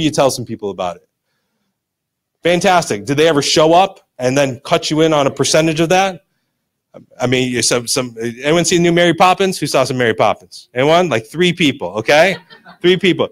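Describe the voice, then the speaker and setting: A man presenting at a business seminar, giving an emphatic motivational pitch to a live audience. He repeats key phrases, quizzes the crowd and teases them into keeping up. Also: fairly bright tone. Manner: pushy and teasing, tells listeners to stop.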